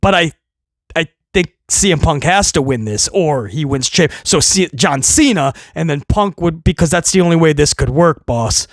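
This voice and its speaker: A timid male staff writer pleads with his boss, stammering and deflated, as a ranting man puts him on. The voice sinks low and soft, and it sounds dry and close. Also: lively intonation, moderate pace, no echo, close to an everyday voice. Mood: pleading. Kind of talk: comedic skit within a rant.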